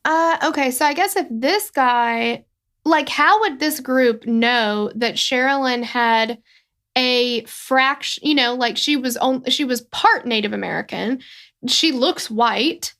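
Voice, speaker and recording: A woman's voice: high voice, takes it slowly, fairly bright tone. A woman co-hosting a true-crime podcast, chatting casually and rambling with lots of fillers. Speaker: podcast co-host.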